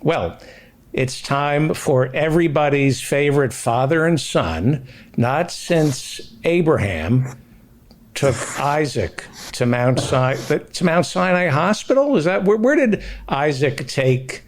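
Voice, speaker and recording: Brief: male comedy talk show host with playful banter and quick plug reads. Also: a little high, lively intonation. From New York City. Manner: brisk promo patter, then playful banter.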